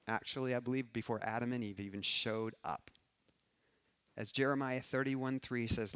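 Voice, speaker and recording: A man's voice: mid-range voice, fairly even intonation, normal speed, smooth. Man preaching with rising emphatic peaks. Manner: builds to loud emphatic peaks, then drops soft; repeats key phrases for emphasis. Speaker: pastor. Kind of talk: sermon.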